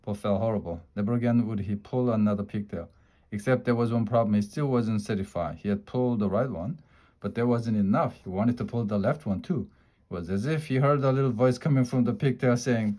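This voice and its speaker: A man reading a children's chapter book aloud in a lively, expressive way. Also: fairly low pitch, brisk. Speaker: storyteller.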